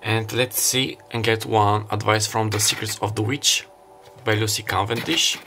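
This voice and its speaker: Low-voiced man giving a rambling tarot reading. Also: level tone, normal speed, bright, forceful tone, slight background noise. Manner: meandering, thinking aloud with fillers. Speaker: tarot reader. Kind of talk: casual intuitive tarot reading.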